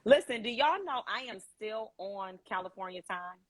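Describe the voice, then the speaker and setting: A woman hosting a live video call, chatting casually, animated and swearing freely. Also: mid-range voice, normal speed, a loud crowd. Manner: animated, swears casually, quotes people in put-on voices. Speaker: host of a live stream. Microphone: phone on a live video call.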